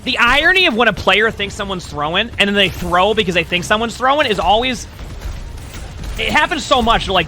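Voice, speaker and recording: High, very bright-voiced male streamer. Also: animated, a little fast, a little hiss or hum. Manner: chatty, repeats himself, many "like" fillers. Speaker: streamer coaching a spectated player. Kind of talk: casual gameplay commentary.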